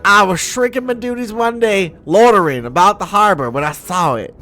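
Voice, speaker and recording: A man voicing a cowardly rustic male dockhand from a game, in a put-on country bumpkin accent, excitable and yelping. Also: high voice, moderate pace, faint music behind, voice pushed up. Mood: rattled.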